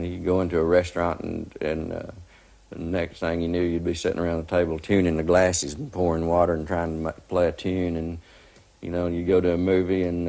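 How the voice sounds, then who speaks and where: A man reminiscing in an easygoing, halting way during an interview. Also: deep voice, darkish tone. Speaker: interviewee recalling a friend. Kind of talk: archival interview recollection.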